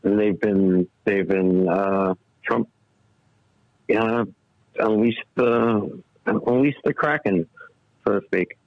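A man calling in to a talk show, rambling and halting, swearing as he rants. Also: lowish voice, flat delivery, no room sound, highs cut off. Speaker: caller. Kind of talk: casual call-in talk.

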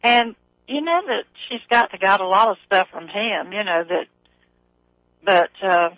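A woman's voice: medium pitch, lively intonation, unhurried, dry recording. A Southern-accented woman calls in to a radio show. She rambles from point to point and laughs often. Her voice comes over a dull, dry phone line. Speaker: caller.

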